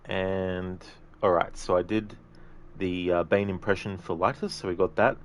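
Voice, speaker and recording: A man's voice: deep voice, a little slow, muffled recording, slight background noise. A man streaming a video game, chatting casually and reading out chat messages. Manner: relaxed, rambling, reads chat aloud.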